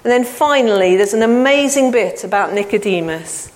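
A woman preaching a sermon, with a fairly high voice. She tells stories warmly and slows down to stress quoted lines. The sound carries a long reverb, as in a church hall. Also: animated. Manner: storytelling with slow emphatic quotes. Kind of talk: sermon storytelling.

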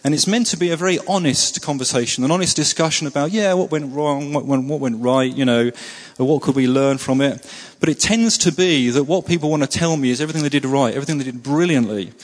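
A man preaching a sermon and praying, earnest, repeating words for emphasis and often pausing with fillers. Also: on the high side, big-room sound. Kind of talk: sermon with prayer.

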